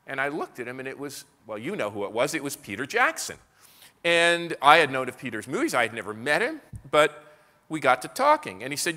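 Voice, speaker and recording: An American man tells an anecdote from the stage in a clear, bright voice, often restarting and repeating words. His talk rings with the long reverb of a big hall. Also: medium pitch, very animated, fairly quick. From United States. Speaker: keynote speaker. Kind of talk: storytelling lecture to a live audience. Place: large hall at an evening business event.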